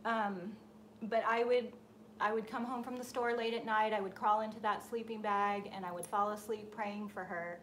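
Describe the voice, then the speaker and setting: A woman hosting a live stream for her design group, telling a personal story in a casual, animated way. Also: mid-range voice, normal speed, a little hiss or hum. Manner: animated storyteller, acts out voices in her anecdotes. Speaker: host of a painting and design group. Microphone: live stream setup.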